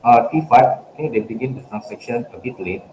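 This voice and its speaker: A man's voice: mid-range voice, brisk. A man giving a recorded lecture, stepping through a worked example and checking in with "okay" after nearly every phrase. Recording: echoey room with steady background noise.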